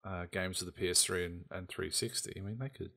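A man's voice: deep voice, fairly even intonation, a little fast, sharp tone. A man hosting a casual gaming podcast, laid-back and joking as he steers the topics. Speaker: podcast host.

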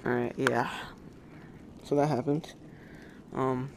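A man's voice: medium pitch, level tone, slow pace, noisy background. A man giving flustered, apologetic let's-play commentary over a game. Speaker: gamer.

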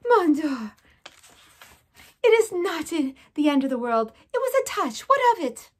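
An excitable mother mouse, exclaiming with high drama, as a woman puts her on. Her pitch leaps high in loud outbursts. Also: unhurried. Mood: dramatic.

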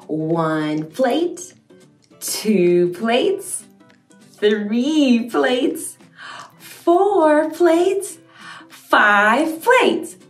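A young woman hosting a toddler video speaks slowly in a lilting, high voice. She praises every answer warmly and exaggerates each word. Her voice carries a little echo, with soft music behind. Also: sing-song, far from the mic. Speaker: children's video host. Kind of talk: slow, sing-song teaching for toddlers.

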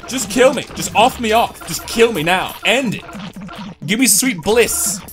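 A man's voice: sits high, lively intonation, measured pace, music in the background. A young man giving gameplay commentary, ranting, swearing and joking about his losses. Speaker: game commentator.

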